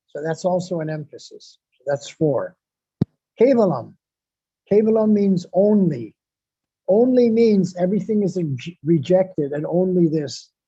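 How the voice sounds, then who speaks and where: Guy preaching a devotional sermon, kinda high mellow voice, dull dry lo-fi audio. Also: breathy edge, dry recording. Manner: repeats phrases for emphasis, recites Sanskrit verses. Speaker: devotional speaker.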